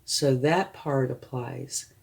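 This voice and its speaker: Slow, gravelly-voiced tarot reader. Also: mid-range voice, fairly even intonation. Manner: reassuring, often checking in with "okay?"; thinks aloud while turning cards. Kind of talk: tarot card reading addressed to the viewer.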